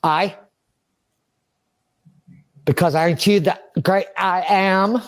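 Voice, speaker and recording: A man's voice: high-pitched, fairly even intonation, slow pace. A man speaking in an interview, rambling and agitated, swearing and talking to himself. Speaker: interview subject. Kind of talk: emotional interview monologue.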